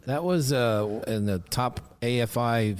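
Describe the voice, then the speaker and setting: A man's voice: mid-range voice, unhurried, clean tone. A man hosting a radio interview, chatty and conversational, drifting into side remarks. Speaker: radio show host. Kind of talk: casual interview.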